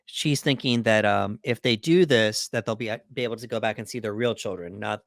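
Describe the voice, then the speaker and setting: Gravelly low-voiced man recapping a film. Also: brisk, no room sound, clean studio sound. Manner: recaps plot from notes, with fillers. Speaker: podcast co-host. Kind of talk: casual film breakdown chat.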